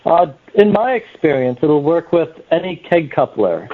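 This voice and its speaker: Man, New Hampshire accent, plain-spoken guest, phone-line sound, slightly high pitch. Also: very animated, normal speed. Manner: plain-spoken, explains with many "uh" starts. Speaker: guest, small parts maker. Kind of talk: casual podcast chat.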